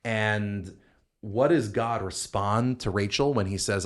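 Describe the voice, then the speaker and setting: A man's voice: lowish voice, slow pace. A man, a rabbi, explaining Bible passages in a podcast discussion, quoting Hebrew verses and often restarting his sentences. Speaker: rabbi co-host explaining scripture.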